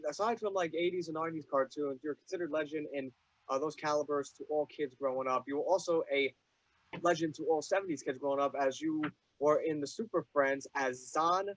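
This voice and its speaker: Eager young man asking halting fan questions. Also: on the high side, no echo. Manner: eager, halting, many fillers. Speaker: podcast host. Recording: dull dry lo-fi mic.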